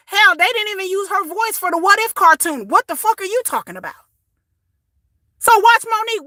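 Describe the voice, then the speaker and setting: High, bright-voiced sassy woman ranting. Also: dry recording, studio quality. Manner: sassy, animated, repeats words, swears, addresses viewers directly. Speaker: commentary vlogger. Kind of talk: casual opinion rant.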